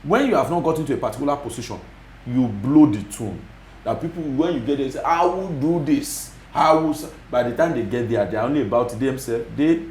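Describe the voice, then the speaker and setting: A man's voice: medium pitch, a little mellow, roomy sound, a little hiss or hum. A man with a Nigerian Yoruba accent, speaking as a guest commentator in a TV studio interview, emphatic and repeating his points. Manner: emphatic, repetitive, mixes in Yoruba phrases.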